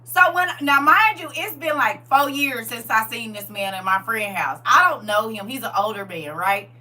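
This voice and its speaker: A middle-aged woman hosting a livestream tells her viewers a story in a relaxed way, laughing and acting out the quotes with animation. Her voice sits on the high side and moves at a normal speed. A distant mic picks her up with a faint hum.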